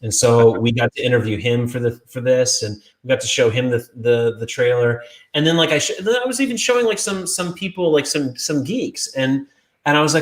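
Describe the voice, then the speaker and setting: A man in a casual video chat, rambling through animated stories with lots of restarts and laughter. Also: mid-range voice, fairly quick. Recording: roomy echo.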